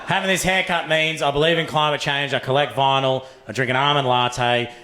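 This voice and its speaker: A man's voice: mid-range voice, a little fast, noisy background. Brash Australian man doing stand-up. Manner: profane, animated storytelling with acted-out voices. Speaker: stand-up comedian. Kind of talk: stand-up comedy set. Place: comedy club stage with laughing audience. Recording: roomy club sound.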